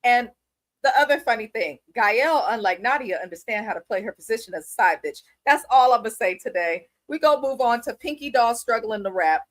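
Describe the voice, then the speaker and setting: Blunt, animated woman recap host. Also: a little high, brisk, no room sound. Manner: animated, blunt and profane, playful exaggeration. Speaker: co-host of a reality show recap. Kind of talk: casual chat.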